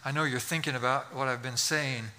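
A man's voice: mid-range voice, steady tone, a little fast, sharp tone. A man, a pastor, preaching a sermon to his congregation, telling a story and building to fervent pleas. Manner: storytelling, rising to fervent pleading. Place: church sanctuary.

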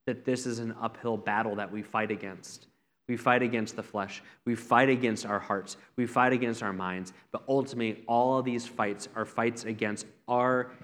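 A man, a pastor, giving an earnest, conversational sermon with repeated phrases. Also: medium pitch. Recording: long reverb from a hall.

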